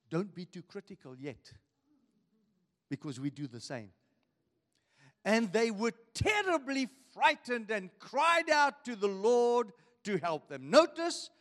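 A male pastor preaching in a strikingly high, animated voice. He works through scripture at an unhurried pace and keeps asking his listeners questions. The sound carries a long reverb, like a large church hall. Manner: preaching with rhetorical questions to the congregation. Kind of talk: sermon.

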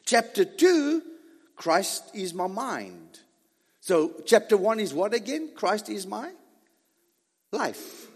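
Male pastor, sermon, emphatic preacher with dramatic pauses and an animated delivery. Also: high voice, slightly rough, in a large hall.

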